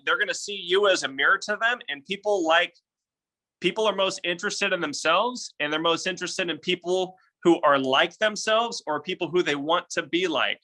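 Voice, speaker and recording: Forceful, bright male sales trainer. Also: high-pitched, rough recording. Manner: conversational, lots of restarts, acts out calls. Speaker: real estate sales trainer. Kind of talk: coaching a class.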